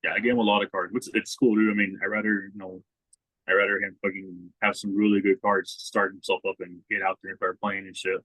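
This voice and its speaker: A man's voice: deep voice, level tone, fast talker, sharp tone, no room sound, rough recording. A man co-hosting a podcast in casual chat, laid-back and swearing often, raising his voice when he quotes people. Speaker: podcast co-host.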